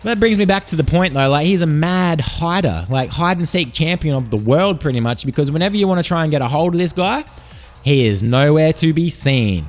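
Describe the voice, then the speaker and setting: A man's voice: fairly high pitch, lively intonation, fairly quick, soft background music. An Australian man hosting a podcast, telling crude, profane tall tales in a rambling comic monologue. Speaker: podcast host.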